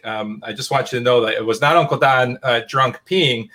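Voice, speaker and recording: A man's voice: mid-range voice, steady tone, a little fast, hardly any pauses, sharp tone. A man hosting a casual podcast, telling a rambling anecdote with plenty of fillers and restarts. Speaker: podcast host. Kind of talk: casual chat.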